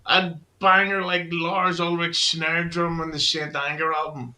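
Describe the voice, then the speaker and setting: A man speaking as a guest on a casual podcast, crude and halting, into a podcast mic. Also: fairly high pitch, level tone, bright, forceful tone.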